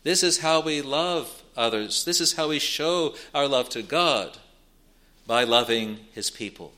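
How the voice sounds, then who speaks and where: Slow, bright-voiced male preacher. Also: medium pitch, expressive. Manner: measured, deliberate preaching, quoting King James scripture. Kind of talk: sermon.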